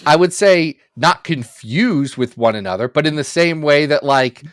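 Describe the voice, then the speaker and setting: A jokey man co-hosting a podcast, riffing on bits in loose, casual chat. His pitch jumps around, bouncing up and down through every sentence. The sound is close and dry, with no room echo. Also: normal speed. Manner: jokey, animated, riffs on bits and voices. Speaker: podcast co-host.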